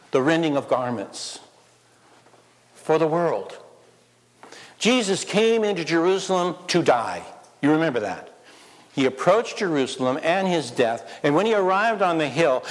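A man preaching with passion, his somewhat high voice carrying through a church with a long, ringing reverb. He presses the congregation with rhetorical questions, rising to urgent calls and then dropping to soft asides. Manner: impassioned, rhetorical questions, swings between loud and soft. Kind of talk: sermon.

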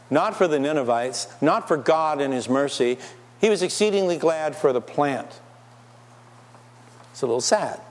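A man preaching a sermon in a church, asking his listeners rhetorical questions. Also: fairly high pitch. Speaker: pastor. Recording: long hall reverb.

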